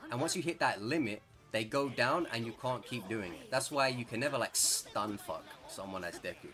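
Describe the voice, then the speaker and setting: A young man with an English accent giving chatty, excitable gameplay commentary, rambling and correcting himself as he plays. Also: mid-range voice, normal speed, soft background music. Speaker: gaming streamer.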